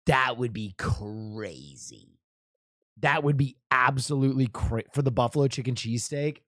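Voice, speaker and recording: A man's voice: mid-range voice, expressive, measured pace, fairly bright tone, dry recording, studio quality. A young man from New Jersey reacting to a show in casual chat, loose and profane, laughing and rambling.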